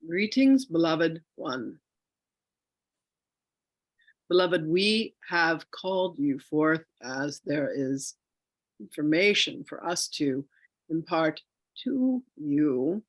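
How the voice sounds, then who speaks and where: A man voicing a solemn collective of ancient spirit masters who speak slowly and formally, humming between phrases. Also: a little high, lively intonation, no room sound. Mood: solemn, tender. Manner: slow, formal, archaic speech with humming pauses.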